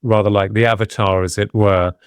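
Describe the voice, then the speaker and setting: A man with a fairly low voice tells a long personal story in a reflective, wandering way. He often pauses and restarts his sentences as he goes. The sound is dry and close. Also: fairly even intonation, smooth, no echo. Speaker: guest, medium and UFO researcher. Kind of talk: casual podcast interview storytelling.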